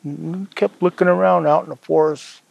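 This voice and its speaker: A man from the Ute Mountain Reservation in Colorado telling a traditional story in an unhurried, conversational way. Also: on the high side, steady tone, creaky, darkish tone, dry recording, rough recording.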